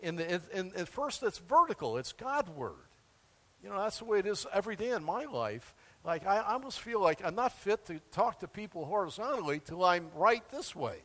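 Older man, preaching, folksy, emphatic, slightly high voice, reverberant hall. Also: big pitch swings, brisk, bright, forceful tone. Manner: folksy and emphatic, with asides and chuckles. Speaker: pastor. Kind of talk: sermon.

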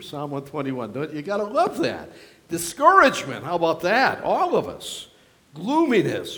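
A pastor from western New York preaching a sermon in a church, acting out prayers and quotes with strong feeling. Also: male voice, sits high, huge pitch swings, normal speed, fairly bright tone. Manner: emotive, acts out prayers and quotes in varied voices. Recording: long hall reverb.

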